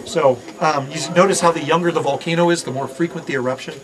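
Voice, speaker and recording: Playful middle-aged ranger, fairly high voice. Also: male voice, steady tone, fast talker. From Hawaii. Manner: playful, quizzes the crowd and jokes. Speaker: park ranger. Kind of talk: outdoor ranger talk to visitors. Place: outdoors at a volcano viewpoint. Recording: outdoor recording with audible crowd.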